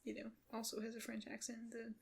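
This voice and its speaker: A woman's voice: a little high, monotone, brisk, creaky, breathy edge. A young woman co-hosting a podcast in casual chat, joking and laughing often as she reads reviews aloud. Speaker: podcast co-host.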